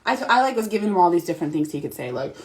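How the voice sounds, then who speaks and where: A woman's voice: lowish voice, sing-song, rapid-fire, darkish tone. A woman in her thirties, a mom talking casually and animatedly to her followers, emphatic and repetitive. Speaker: mom vlogger. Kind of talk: casual motivational monologue.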